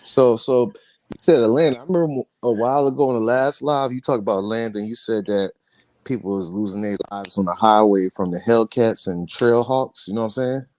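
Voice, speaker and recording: A man's voice: mid-range voice, slight background noise. A man hosting a casual livestream, talking in a loose, slangy way and handing the floor to his guest. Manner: loose, slangy, quick to hand over the floor. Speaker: livestream host.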